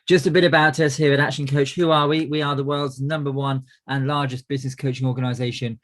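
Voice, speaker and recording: A man's voice: mid-range voice, level tone, fast. A middle-aged man hosting a business coaching webinar, friendly and full of "uh" fillers and restarts. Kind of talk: presenting a webinar.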